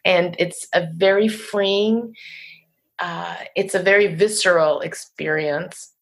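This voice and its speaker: A woman with a New Jersey accent, a poet and teacher, talking thoughtfully in an interview and laughing softly now and then. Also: lowish voice, fairly even intonation, slow, husky. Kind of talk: reflective interview conversation.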